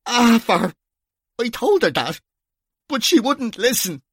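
A man's voice: very high-pitched, very animated, takes it slowly, a bit bright, husky, no room sound, studio quality, voice pushed up, exaggerated voice. A man with an Irish accent voicing a surly, frightened young man on a ledge who answers in sullen, snapping retorts.

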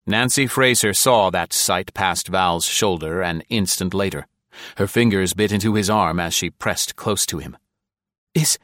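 A man reads an audiobook with a steady, measured storytelling delivery. His voice sits low, and the recording is studio quality with no echo.

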